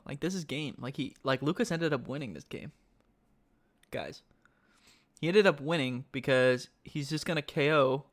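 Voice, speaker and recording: A man giving live-stream commentary on a card game tournament, excitable and thinking aloud, often asking his chat questions. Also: mid-range voice.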